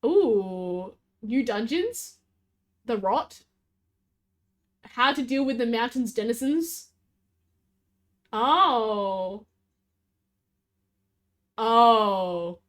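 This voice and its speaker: A woman's voice: on the high side, animated, drawn-out words, pauses often, fairly bright tone. A woman streamer, chatting casually and bubbly with her chat. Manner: bubbly, giggly, talks to chat.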